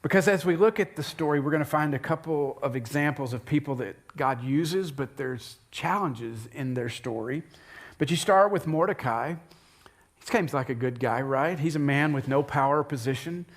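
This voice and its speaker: A pastor tells a Bible story in a lively sermon, his voice sitting a little high for a man. He acts out the characters, leaping up suddenly for their exclamations. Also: moderate pace. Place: church sanctuary.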